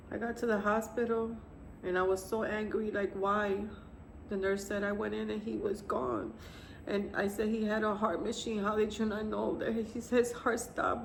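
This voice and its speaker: Grieving gravelly-voiced mother, soft and halting. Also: medium pitch, a little hiss or hum. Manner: soft, halting, tearful retelling with quiet pauses. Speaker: grieving mother telling her story. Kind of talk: emotional personal testimony to camera.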